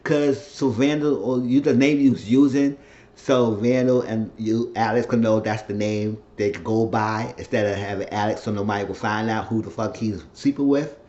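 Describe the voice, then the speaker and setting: A man with a fairly low voice recaps a TV episode in a loose, chatty way, building up animation as he retells the scenes. The recording sounds dull and lo-fi. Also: normal speed, dark tone. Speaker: TV show recap vlogger.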